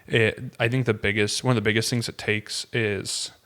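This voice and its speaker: A man's voice: lowish voice, flat delivery, normal speed, fairly bright tone, clear, resonant tone. A man, a pastor, talking earnestly in casual conversation, with many fillers and restarts.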